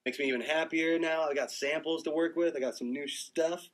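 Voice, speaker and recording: A young American man telling stories on a phone livestream in a loose, profane, animated way. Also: on the high side, brisk, rough recording. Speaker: musician livestreaming to fans. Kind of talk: casual storytelling livestream.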